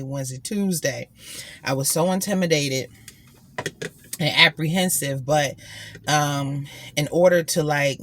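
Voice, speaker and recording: A young woman chatting candidly to her viewers in a casual vlog, talking loosely and calling them y'all. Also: deep voice. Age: young adult. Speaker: vlogger. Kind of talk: casual vlog chat to camera. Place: at home, later at a gym.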